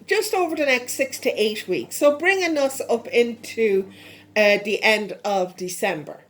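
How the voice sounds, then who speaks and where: Brief: an Irish tarot reader, fairly high-voiced, coaxing and repetitive. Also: female voice, lively intonation, unhurried. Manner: repetitive, coaxing, frequent "okay?". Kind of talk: casual tarot reading.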